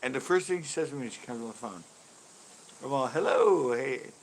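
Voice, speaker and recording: A man in his fifties hosting his channel, telling a story in casual chat, animated, laughing often and cursing freely. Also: medium pitch, fast, a little hiss or hum. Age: 50s. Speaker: host.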